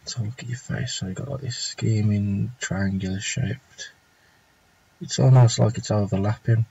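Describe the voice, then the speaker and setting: A man's voice: fairly low pitch, fairly even intonation, normal speed, creaky, mellow, lo-fi sound, slight background noise. A man chatting casually on a live stream from home, thinking aloud as he draws, with plenty of fillers and half-finished thoughts. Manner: rambling, thinking aloud with fillers and self-talk. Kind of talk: casual live-stream chat while drawing.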